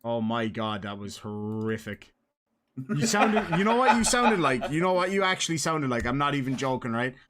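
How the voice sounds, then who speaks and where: A man's voice: medium pitch, big pitch swings, normal speed, over a noisy crowd. A man with an Irish accent hosting a casual live stream, chatting and joking with his guest and viewers.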